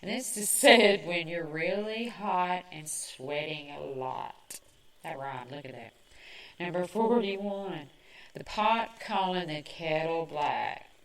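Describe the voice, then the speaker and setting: Slightly off-mic in an echoey space, a Southern American woman hosting a podcast talks at an easy, slow pace in a lowish voice. Her casual chat is chatty and self-mocking, full of quick asides; she hails from the American South.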